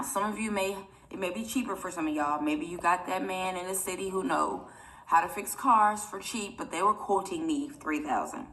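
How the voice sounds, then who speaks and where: A woman's voice: fairly low pitch, a bit bright. A young woman vlogger telling a personal story to her viewers in a rambling, chatty way, often close to tears. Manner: emotional, near tears.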